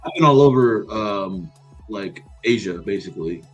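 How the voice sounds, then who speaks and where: A man in casual chat, telling stories in an animated way, laughing and swearing freely. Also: lowish voice, normal speed, highs cut off, soft background music.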